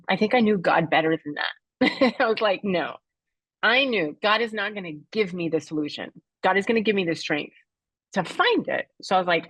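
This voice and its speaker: A middle-aged woman recounts her own story as a podcast guest, speaking slowly and reflectively with halting pauses and moments where she is near tears. The sound is dry and close, with no room echo. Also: mid-range voice, breathy edge. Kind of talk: emotional personal storytelling.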